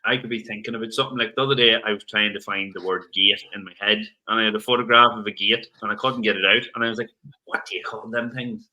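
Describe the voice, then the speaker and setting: A man's voice: lowish voice, steady tone, sharp tone, low-quality recording. A man with a Northern Irish accent, a podcast guest rambling through stories in casual chat. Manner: rambling, quick, restarts sentences.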